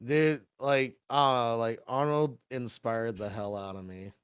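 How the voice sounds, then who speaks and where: A young man hosting a podcast, excitable and rambling with lots of filler words. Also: mid-range voice, a little slow, clear, resonant tone, no room sound. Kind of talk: casual chat.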